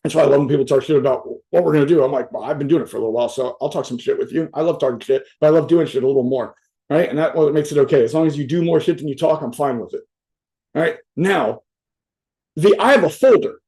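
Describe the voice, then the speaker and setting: A man speaking at a virtual summit over a video call, blunt and salty, cursing freely as he tells stories and fires questions at his audience. His voice sits high for a man but sounds soft and mellow. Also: fast. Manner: blunt, profane, conversational. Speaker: motivational speaker. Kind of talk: motivational talk.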